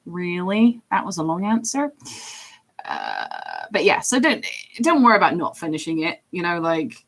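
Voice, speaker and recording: Deep-voiced, chatty English woman. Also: wildly swooping pitch, normal speed. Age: 30s. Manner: rambling and chatty, with frequent fillers and laughs. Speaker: streamer and voice actor. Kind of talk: casual livestream chat.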